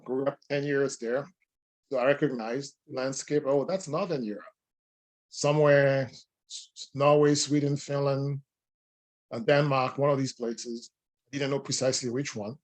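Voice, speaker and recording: Male guest, spiritual medium, mid-pitched, earnest conversational storyteller. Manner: earnest, relaxed, with frequent restarts.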